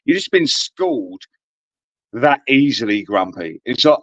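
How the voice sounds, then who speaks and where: A British man chatting casually as co-host, swearing a lot and mocking people with quick impressions. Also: mid-range voice, lively intonation, no echo. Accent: British English. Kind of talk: casual chat. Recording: dull lo-fi dry sound.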